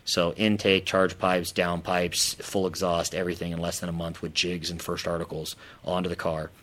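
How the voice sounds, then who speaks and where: A man's voice: deep voice, normal speed. A man who runs a parts engineering company, chatting casually and animatedly about car builds. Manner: animated, acts out quoted voices. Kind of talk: casual chat.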